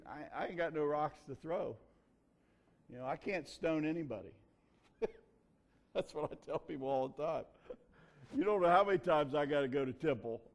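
A male pastor delivers his sermon in a relaxed, folksy manner, telling stories with homespun grammar. His voice sits a little higher than most men's. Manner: folksy, conversational preaching with dialect grammar. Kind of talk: sermon with personal story.

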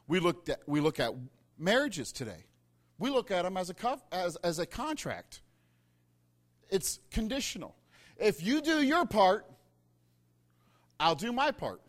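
A middle-aged man preaching a sermon, telling a funny story and building to emphatic points. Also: sits high. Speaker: pastor.

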